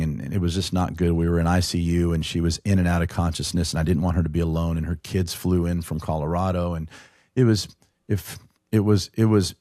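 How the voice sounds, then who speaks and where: The speaker is an earnest middle-aged man with a low, dark voice, a podcast guest who also works as the show's producer. He tells an emotional personal story in conversation, hesitating and restarting often. The audio is studio quality with no room sound.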